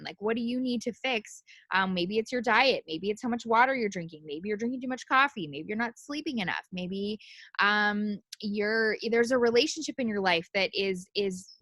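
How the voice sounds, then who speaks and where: Bright-voiced woman leading a group chat. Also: on the high side, no room sound. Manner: encouraging, asks the group questions. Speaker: group leader. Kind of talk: casual group video chat.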